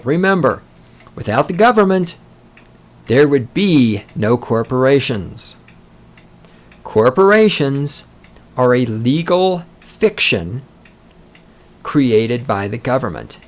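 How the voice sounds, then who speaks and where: A man hosting a podcast, ranting with sarcastic, profane, mocking commentary. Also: on the high side. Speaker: podcast host.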